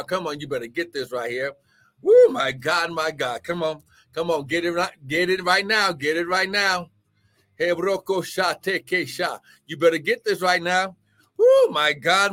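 A man preaching as pastor and prophet on a live stream, fervent and shouting, breaking into tongues. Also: high voice. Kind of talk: charismatic live-stream sermon. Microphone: live-stream microphone.

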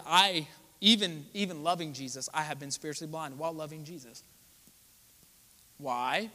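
A young man preaches to his congregation, his high, bright voice carrying through a church sanctuary with long reverb. He talks in a loose, conversational way, acts out the voices he quotes and keeps turning to the people with asides. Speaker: pastor. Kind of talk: sermon.

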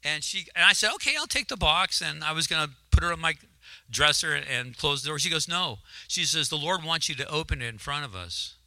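Fervent, bright-voiced male preacher. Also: on the high side, lively intonation, a little fast, dry recording. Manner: emotional, building to fervent shouting. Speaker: guest preacher. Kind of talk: sermon testimony. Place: church sanctuary. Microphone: handheld mic, at times held away.

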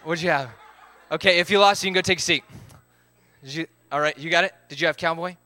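A man's voice: on the high side, quick pace, pushed and bright. A man, leading a live group game, upbeat as he calls out counts and instructions.

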